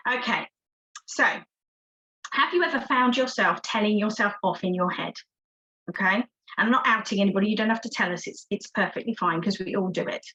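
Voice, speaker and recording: A woman's voice: medium pitch, fairly bright tone, low-quality recording. A woman, a success coach giving an encouraging, interactive online workshop talk over a video call. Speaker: success coach, guest speaker.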